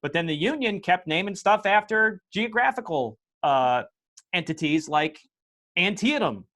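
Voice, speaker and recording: A man's voice: high-pitched, very animated, unhurried, pushed and bright. A man with an upstate New York accent hosting a podcast and chatting from home over a video call on a lapel mic, telling stories and explaining history like the teacher he is. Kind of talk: casual chat.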